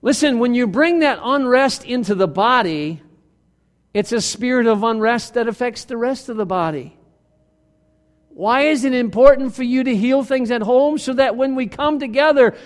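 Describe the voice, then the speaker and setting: A man preaching a sermon as worship leader, conversational and animated, acting out quotes from everyday life. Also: extremely high pitch, in a large hall. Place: church sanctuary.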